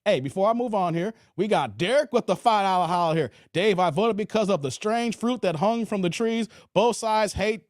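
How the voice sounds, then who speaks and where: High-voiced casual streamer, dry sound. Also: male voice, expressive, normal speed, hardly any pauses, no room sound. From Chicago. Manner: laid-back, drawling, trails off quietly at phrase ends. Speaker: livestream host reading chat. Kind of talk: casual live-stream chat.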